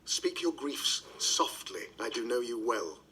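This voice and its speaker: An actor playing Brutus, a calm, stern Roman general, in an audio recording of a play. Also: male voice, medium pitch, unhurried, a little hiss or hum, low-quality recording. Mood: calm, firm.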